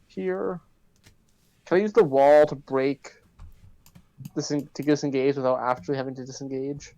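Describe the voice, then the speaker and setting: Male player, gravelly edge, excitable, swears at rolls. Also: medium pitch, normal speed, no room sound, highs cut off. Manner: excitable, laughs and swears at bad luck. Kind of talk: playing a tabletop game over a stream.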